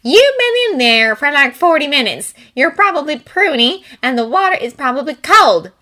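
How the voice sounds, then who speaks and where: A woman voicing an exasperated young woman who nags loudly in a fanfiction audio reading. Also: high voice, sing-song, moderate pace, pitched above the performer's own voice, exaggerated voice.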